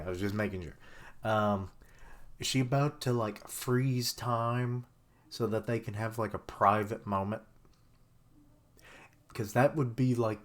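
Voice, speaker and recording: A man giving casual, rambling live reaction commentary, with many fillers and some swearing. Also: medium pitch. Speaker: webcomic reaction streamer.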